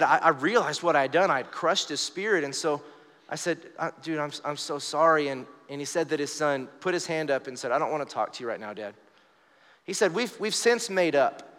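A young man delivers a sermon at a live church service in a relaxed, storytelling manner, acting out quoted lines. His voice sits a bit high for a man. The sound carries a long hall reverb. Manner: conversational, storytelling with acted quotes. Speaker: pastor.

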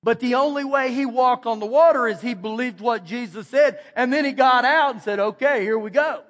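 A man's voice: very high-pitched, moderate pace, a bit bright, long reverb tail. A man preaching a sermon as pastor, in a conversational way that acts out the quoted voices. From Texas, USA. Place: church sanctuary.

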